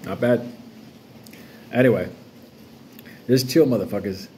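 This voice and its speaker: A man's voice: medium pitch, normal speed, pauses often, warm tone, a little hiss or hum. Profane swaggering New man ranting. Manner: profane, loose, swaggering, jumps between stories. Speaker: crypto vlogger. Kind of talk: casual unscripted rant to camera.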